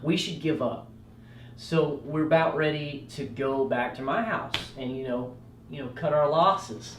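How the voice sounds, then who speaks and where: A young man hosting a comedic story time, animated and quick to yell out loud bits. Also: on the high side, far from the mic, a little hiss or hum. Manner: animated, yelling out quoted lines and rushing through bursts. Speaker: storytelling host. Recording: roomy echo, off-mic, faint music.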